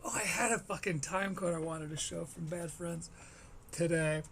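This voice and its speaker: Sarcastic male streamer, bright high voice. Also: normal speed, slight background noise. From United States. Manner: sarcastic, profane and critical. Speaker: streamer reacting to a comedy special. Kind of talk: live-stream reaction commentary.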